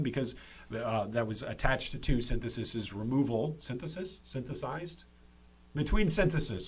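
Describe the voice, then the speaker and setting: A man's voice: medium pitch, a bit bright. A man hosting a gaming commentary video, speaking emphatically and repeating key points for stress, with frequent restarts and fillers.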